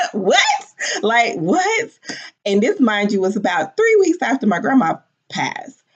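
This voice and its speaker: A woman in her forties telling a personal story candidly and emotionally, with casual swearing. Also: on the low side. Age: 40s. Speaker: business founder. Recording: dull lo-fi audio.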